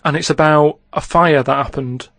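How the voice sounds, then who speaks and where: A man's voice: fairly high pitch, fairly even intonation, normal speed, a bit bright, dry recording. A man telling a story on a comedy podcast in a rambling, casual way, checking in with "right?" as he goes.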